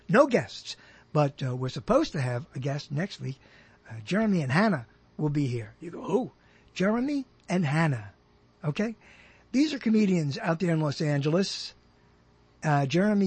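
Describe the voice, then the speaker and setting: Older male radio host, high husky voice, rambling and jokey, dry close mic. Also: dry recording. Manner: rambling, jokey, self-deprecating asides. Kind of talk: solo radio talk, rambling.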